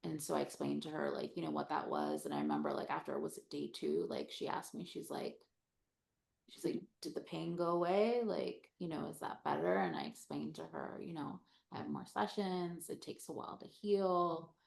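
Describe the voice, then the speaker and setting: Soft-spoken woman with heavy vocal fry. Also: sits low, sing-song. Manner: soft, halting, trails into whispers. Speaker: panelist, parent living with cancer. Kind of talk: panel discussion.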